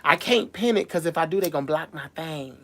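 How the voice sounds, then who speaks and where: Heated, low-pitched woman ranting on a livestream. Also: brisk. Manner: heated, emotional and repetitive, stumbling over words; addresses viewers directly. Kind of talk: casual live-stream rant.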